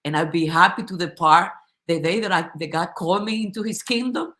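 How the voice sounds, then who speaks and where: A woman's voice: lowish voice, fairly quick, a bit bright. A woman giving a heartfelt, impassioned testimony in a group conversation, emotional and often restarting her sentences. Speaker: company supporter giving a testimony.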